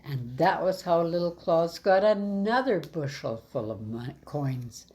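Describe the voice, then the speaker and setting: A woman reading a fairy tale aloud in an even, measured way. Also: deep voice, a little hiss or hum. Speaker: storyteller.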